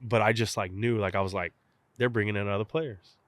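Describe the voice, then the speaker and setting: A young man from South Texas with a fairly low voice tells a story in an easy, casual way. He acts out each side of the conversations he remembers. The sound is dry and close, with no room echo. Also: brisk. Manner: animated storyteller, acts out both sides of phone calls. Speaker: guest, professional baseball catcher.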